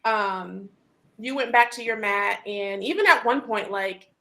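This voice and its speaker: A woman hosting a casual group chat, telling a story in an animated way, full of fillers and laughter. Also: medium pitch, unhurried. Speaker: host.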